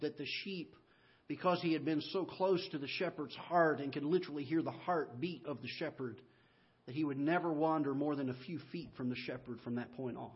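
Male pastor, middle-aged, husky voice, dull lo-fi church recording, folksy sermon storytelling. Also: fairly high pitch. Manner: folksy storytelling, swings from loud to hushed. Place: church sanctuary.

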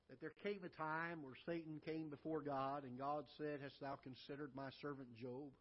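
A man preaching a sermon as pastor, swinging from loud emphatic lines to soft low asides. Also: highs cut off. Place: church auditorium.

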